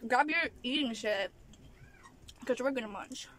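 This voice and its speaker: A woman's voice: a little high, measured pace, fairly bright tone, slight background noise. A woman from the Philippines, venting in a casual vlog while chewing her food between exasperated remarks. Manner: exasperated ranting with frequent laughs. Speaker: vlogger. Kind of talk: casual eating vlog rant. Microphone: camera at an angle.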